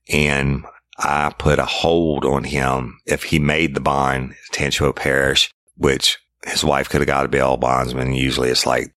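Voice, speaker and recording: Very deep-voiced blunt man. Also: no room sound, studio quality. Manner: blunt and profane, loud and heated when quoting himself. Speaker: police detective recounting a case. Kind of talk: casual storytelling to listeners.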